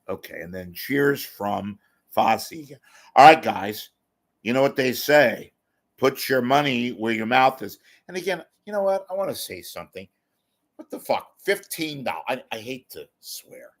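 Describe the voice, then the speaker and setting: A man's voice: medium pitch, big pitch swings, measured pace. A man hosting a show, rambling and kvetching in a self-mocking way while he appeals for donations and reads comments. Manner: reads viewer comments aloud. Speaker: show host. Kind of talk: casual monologue with a donation appeal.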